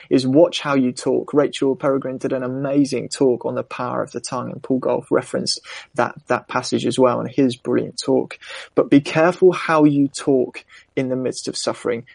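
A man's voice: medium pitch, vocal fry, no room sound. A young man preaching a sermon in an earnest, reflective way, mixing scripture with personal stories.

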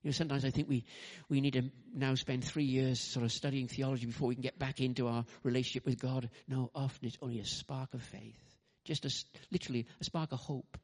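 A man preaching a sermon as pastor, animated, acting out quoted lines, with frequent restarts and asides. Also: medium pitch, fast, few pauses.

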